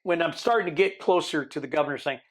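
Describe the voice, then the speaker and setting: An older man, a podcast guest, tells his own story in a lively way and acts out the people he quotes. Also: fairly high pitch, fast talker. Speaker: interview guest.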